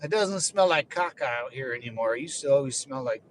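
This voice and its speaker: A young former Marine rambles casually while driving, swearing loosely and laughing in asides. His mid-range voice has lively intonation and runs a little fast, with slight hiss or hum in the recording.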